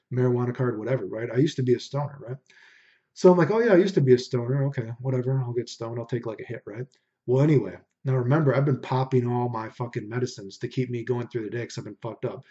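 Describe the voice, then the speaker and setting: A young podcast host rants through a profane story in casual chat, saying "dude" again and again. His voice is medium-pitched with a dark tone, captured in a dull lo-fi recording.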